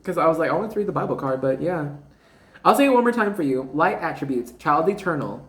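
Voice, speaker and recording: A woman's voice: low-pitched, lively intonation, quick pace. A woman giving a casual spiritual card reading, rambling and slangy, constantly talking to her viewers as "you guys.". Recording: roomy echo.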